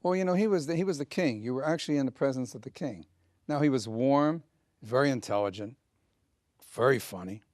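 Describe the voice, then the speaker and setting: A man's voice: medium pitch, lively intonation, a little fast, darkish tone, no echo, clean studio sound, some chatter behind. An older man, a comedian, recalling old stories earnestly in an interview and acting out the dialogue. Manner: earnest storyteller with quoted dialogue. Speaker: comedian guest. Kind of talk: interview reminiscence.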